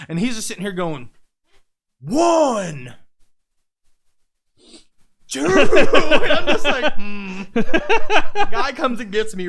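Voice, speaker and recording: An independent wrestler, guesting on a laid-back podcast, narrates a story in a high-pitched, somewhat bright voice. Frequent laughter punctuates his telling, which he dramatizes with quoted voices and sound effects.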